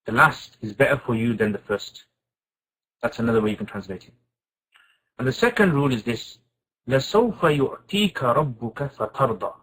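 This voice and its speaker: A man teaching an informal Quran class, asking his students questions and reciting Arabic verses quickly. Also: mid-range voice, breathy edge, rough recording. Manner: lively, asks the class questions and answers them.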